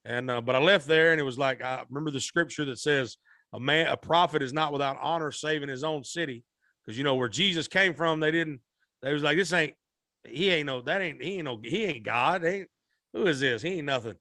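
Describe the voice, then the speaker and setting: A man's voice: fairly high pitch, fairly quick, bright, forceful tone, dry recording, clean studio sound. A man, a musician guest telling a rambling, folksy story in a podcast interview. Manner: rambling, repeats and restarts, Southern-style folksy speech.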